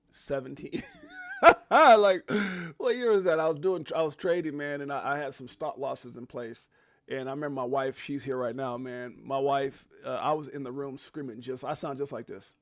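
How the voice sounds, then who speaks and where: A man hosting a casual crypto livestream, animated, reacting with loud exclamations and laughter. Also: medium pitch, normal speed.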